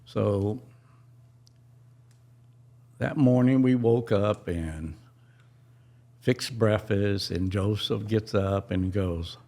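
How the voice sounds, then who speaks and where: A middle-aged man tells a personal story on a podcast in a halting, emotional way, often restarting his sentences. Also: on the low side, animated, creaky, darkish tone.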